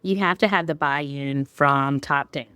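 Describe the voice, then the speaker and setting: A woman speaks as a guest on a podcast taped live at a conference. She answers in an earnest, measured way and often repeats her phrasing. Her voice sits low and sounds crisp and dry, with no room around it. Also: pushed and bright, no room sound. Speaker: guest, college vice president. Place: conference venue.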